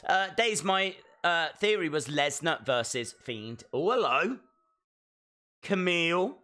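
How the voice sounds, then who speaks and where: A man giving excitable, jokey live commentary while watching a show along with viewers. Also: a little high, slow. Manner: excitable, jokey, talks to himself. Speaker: live stream reactor.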